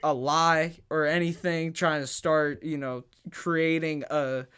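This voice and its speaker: A man's voice: on the high side, flat delivery, slow, a bit bright, smooth. A man co-hosting a casual sports podcast, heated and emphatic, often stuttering and restarting his sentences.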